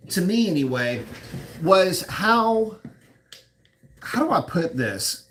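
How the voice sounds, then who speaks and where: A man's voice: fairly high pitch, a bit bright. Rambling, frank live-chat man. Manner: rambling, frank, with many fillers and restarts. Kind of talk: casual live chat answering viewer questions.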